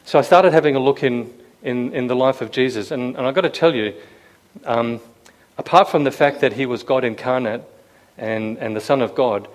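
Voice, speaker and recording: A man's voice: medium pitch, brisk. A man preaching to a room full of listeners in an easygoing, conversational way. He keeps putting questions to the room and acts out quoted lines with a raised voice. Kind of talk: sermon. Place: room with a live audience.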